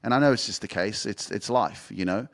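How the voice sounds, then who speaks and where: A young man with a lowish voice tells a personal story on his podcast. He talks casually and candidly, rambling with restarts and dropping swear words freely. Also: a little fast. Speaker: podcast host and life coach.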